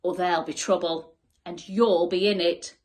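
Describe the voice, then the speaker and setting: A woman's voice: lowish voice, fairly even intonation, moderate pace, darkish tone, voice pushed down, lightly acted. Woman doing a snappish, bossy goblin king. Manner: snappish, growling.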